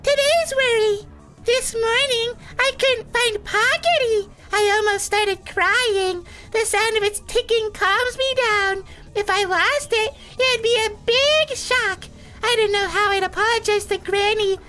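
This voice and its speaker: A woman voicing a sweet, gentle young girl in a video game, chirpy and earnest. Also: very high-pitched, unhurried, soft background music, exaggerated voice. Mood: cheerful.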